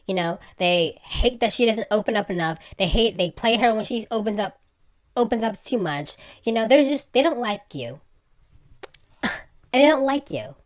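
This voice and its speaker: A woman giving a casual, exasperated recap rant about a reality show, acting out the people she quotes in mock voices. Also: mid-range voice. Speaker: reality TV commentator.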